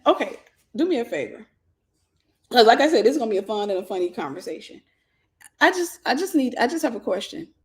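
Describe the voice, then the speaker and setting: A woman with a slightly high voice hosts a casual advice talk for viewers. She tells animated stories, acting out the voices of the people she quotes.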